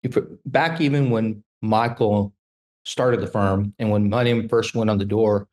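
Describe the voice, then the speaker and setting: Storytelling man, lower voice. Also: a little slow. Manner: animated anecdotes acting out quoted dialogue. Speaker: guest, trial lawyer. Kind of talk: casual storytelling interview.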